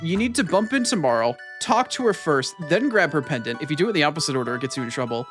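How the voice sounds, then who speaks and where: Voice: mid-range voice, animated, fast, fairly bright tone. A gaming streamer chatting casually and rambling through a playthrough, swearing freely and joking about themself, with game music in the background. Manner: rambling, profane and self-deprecating. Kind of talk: casual let's-play commentary.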